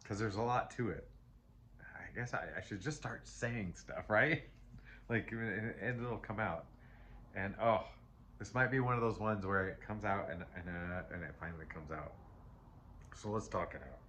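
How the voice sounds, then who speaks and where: Man, lowish voice, casual tarot reading, rambling, self-interrupting, chatty, emotional. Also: moderate pace, bright, forceful tone, a little hiss or hum. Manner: chatty and emotional, laughs often. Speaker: tarot reader.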